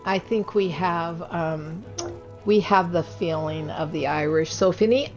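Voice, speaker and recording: A woman chatting casually before a game stream, teasing and halting with fillers. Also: lowish voice, faint music behind. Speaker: co-host and player.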